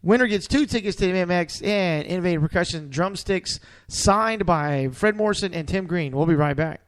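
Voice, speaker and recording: A man's voice: high-pitched, fairly quick, clean tone. A man hosting a casual internet radio show, upbeat and promotional as he talks.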